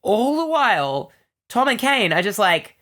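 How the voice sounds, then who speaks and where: A woman's voice: mid-range voice, sing-song, a little slow, a bit bright. A woman co-hosting a casual comic-book podcast, recapping with enthusiastic, rambling chatter and plenty of "like"s. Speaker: podcast co-host.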